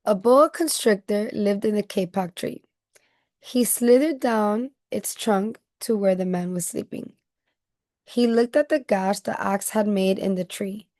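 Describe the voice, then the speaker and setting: A woman teacher reading a picture book aloud to children and stopping often to ask them gentle questions. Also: mid-range voice, measured pace, no room sound, studio quality. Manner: gentle questioning, checking in with listeners.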